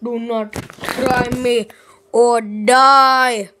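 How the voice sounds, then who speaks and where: A menacing foreign stranger, as a girl puts him on, speaking slowly and sternly with a threat behind each word. The voice is pitched a touch lower than her own, deliberate and cold. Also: steady tone, background noise.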